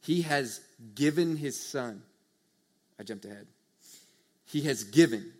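An earnest young man preaches a sermon with a slow, unhurried delivery and a mid-range voice. He talks to the room in a casual, conversational way, dropping to a hush before building to loud emphasis. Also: medium pitch, expressive. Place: church or meeting hall with a live audience.

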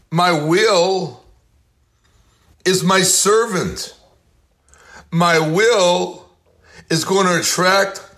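A man in his late sixties hosting a motivational faith talk, reciting affirmations and telling stories in a slow, emphatic preacherly way. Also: on the high side, a bit bright. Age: 60s. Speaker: host.

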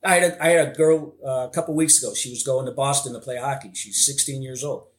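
A man's voice: mid-range voice, fast talker. A man hosting a casual podcast interview, rambling and leaning heavily on filler phrases. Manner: rambling, heavy on "like" and "you know".

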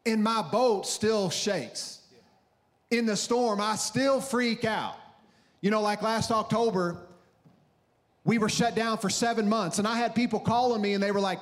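A man's voice: sits high, moderate pace. A man in his thirties preaching a sermon on a church stage, telling stories animatedly and acting out his own frantic prayers. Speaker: pastor.

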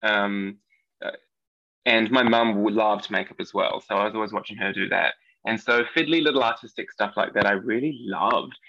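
NZ man, 30s, podcast guest, gravelly and chatty, lo-fi remote audio. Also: fairly low pitch, moderate pace, bright, forceful tone, dry recording. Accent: New Zealand. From New Zealand. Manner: chatty and giggly, with many ums. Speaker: podcast guest, nail artist. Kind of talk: casual interview chat. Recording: dull, lo-fi dry remote audio.

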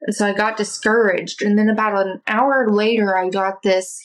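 A woman speaking as an interview guest, earnest and heartfelt. Her voice sits at a middle pitch, and she tells a personal faith story in plain conversation, now and then stumbling over and restarting a word. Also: fairly even intonation, normal speed, poor audio.

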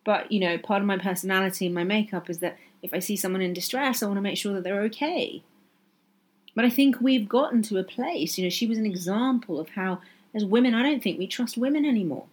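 A woman hosts a solo podcast, speaking fast in a medium-pitched voice. She's earnest and impassioned, driving her points home through emphatic repetition.

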